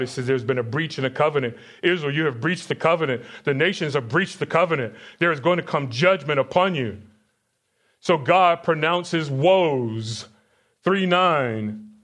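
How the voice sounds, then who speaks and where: A man's voice: medium pitch, fairly bright tone. A man preaching a sermon as pastor, reading verses aloud and putting questions to his congregation. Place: church sanctuary.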